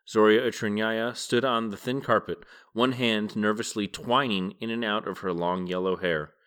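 Low-voiced man hosting a reading podcast. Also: normal speed, clean tone. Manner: relaxed, chatty reflection. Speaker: podcast host and reader. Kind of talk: reading a novel aloud and commenting.

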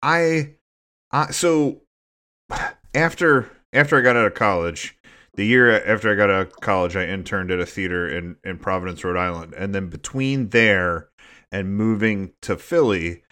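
A man co-hosting a podcast whose voice sits a little low. He rambles and often restarts his sentences in relaxed, casual chat. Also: normal speed. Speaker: podcast co-host.

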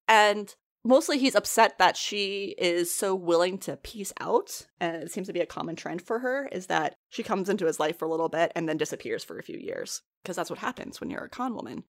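A young woman chatting casually, recapping a TV episode with lots of swearing and laughter. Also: mid-range voice. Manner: animated, swears freely, laughs often.

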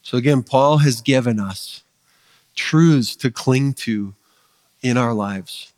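A man's voice: medium pitch, slow pace, a little mellow, no echo, big-room sound. A man preaching a sermon as pastor, earnest and conversational, building his points with emphatic rising lists. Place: church sanctuary.

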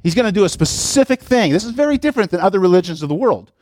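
A man's voice: sits high, lively intonation, a little mellow, dry recording. Conversational male pastor preaching. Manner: conversational, digressive preaching with asides; reads scripture aloud with pauses and stresses. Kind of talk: sermon. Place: church sanctuary.

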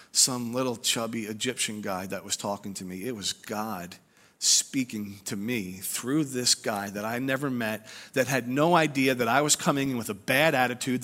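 A man's voice: medium pitch, a bit bright. A man in his forties, a pastor giving a sermon in an earnest, conversational storytelling way with frequent restarts. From Pennsylvania. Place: church service.

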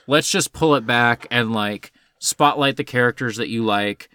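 A man co-hosting a podcast, chatting casually about films, animated, swearing freely and laughing often. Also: medium pitch, unhurried, clear, resonant tone, no echo. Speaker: podcast co-host. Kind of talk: casual film discussion.

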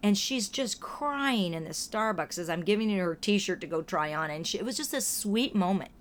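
A woman in casual conversation, telling stories in a lively way and acting out what people said. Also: medium pitch, moderate pace, slight background noise. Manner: lively storytelling, acts out quoted voices. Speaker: podcast guest or co-host. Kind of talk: casual chat.

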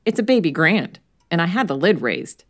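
Reader plays a touchy young nephew under questioning; defiant and indignant. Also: female voice, on the low side, very animated, normal speed.

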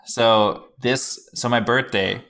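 A man's voice: medium pitch, fairly even intonation, slow pace, vocal fry, fairly bright tone. A man co-hosting a podcast, telling a rambling story in casual chat and swearing often. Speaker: podcast co-host.

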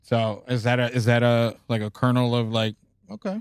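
Excitable profane man hosting a podcast. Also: medium pitch, moderate pace, clean tone, no echo, clean studio sound. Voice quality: excitable, profane, self-mocking. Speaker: podcast host. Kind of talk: casual banter reading news items.

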